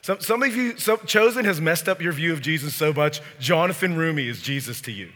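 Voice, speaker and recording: Sharp-voiced man preaching in echoing hall. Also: fairly high pitch, brisk. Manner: lively, joking, talks straight to the crowd. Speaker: pastor. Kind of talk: sermon. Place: church sanctuary. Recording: long hall reverb.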